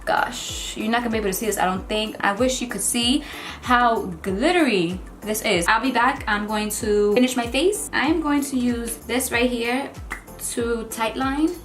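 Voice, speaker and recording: Woman doing a makeup unboxing, chatty and excited, kinda high voice, echoey room. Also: normal speed. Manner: chatty and excitable, gushing over products. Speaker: beauty vlogger. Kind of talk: casual unboxing and makeup try-on. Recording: echoey room with faint music.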